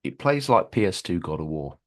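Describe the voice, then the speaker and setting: A man's voice: low-pitched, big pitch swings, brisk. A man hosting a gaming podcast, playful and bantering. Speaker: podcast host. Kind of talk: casual gaming podcast chat.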